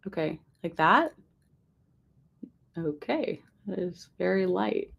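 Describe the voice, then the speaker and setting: A woman's voice: fairly low pitch, expressive, slow, creaky, long pauses, a bit bright. A young woman vlogging casually at home as she builds a model, thinking aloud, reacting and drifting into side tangents. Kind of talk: casual chat while building.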